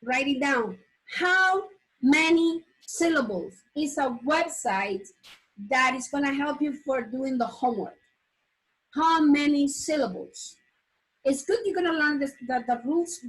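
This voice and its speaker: A woman teaching a phonics lesson, whose first language is Spanish. She says words slowly and repeats them, restarting often and checking with the class. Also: sits high, poor audio.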